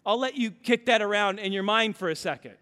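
A man in his thirties preaching a sermon as pastor, telling stories with animated swings from loud to hushed. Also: sits high, a little fast, smooth. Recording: long hall reverb.

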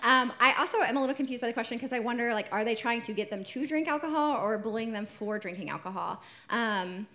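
A woman's voice: on the high side, quick pace, few pauses, sharp tone. A woman on a church panel giving chatty, practical answers with lots of fillers.

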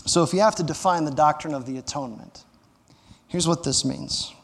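High-voiced man preaching in an echoing hall. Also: fairly quick. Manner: conversational preaching with rhetorical questions; light humor. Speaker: pastor. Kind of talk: sermon.

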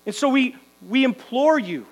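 A man's voice: very high voice, lively intonation, moderate pace, rough recording. A man preaching a sermon, exhorting the congregation and tagging lines with "right?". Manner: exhorting, rhetorical "right?" tags. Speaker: pastor.

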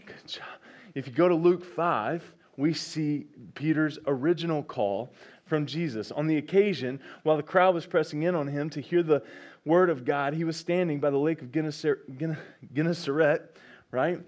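A male pastor delivers a sermon in a fairly high-pitched voice at a normal speed. He reads scripture and repeats key phrases, his excitement building as he preaches.

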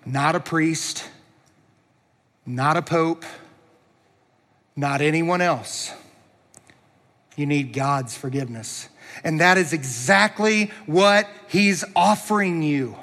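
Male pastor, high and bright voice, earnest emphatic sermon delivery. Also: measured pace, in a large hall. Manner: earnest preaching with emphatic repetition and rhetorical questions.

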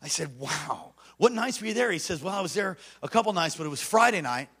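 Male pastor, high and bright, animated revival preacher with hushed asides and shouted peaks. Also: a little fast, husky. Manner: swings from hushed storytelling to shouted exhortation. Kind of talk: revival sermon storytelling. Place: church sanctuary.

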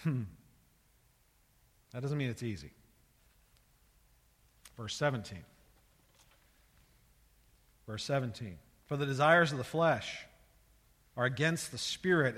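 A man's voice: on the high side, a bit bright, long reverb tail. A male pastor preaching a sermon with an emphatic manner, often repeating words and building in intensity.

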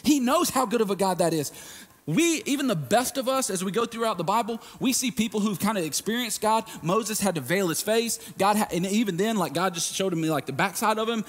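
A man preaching a sermon in a casual, emphatic way, swinging from hushed lines to shouted ones. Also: sits high, animated, fairly quick, long reverb tail.

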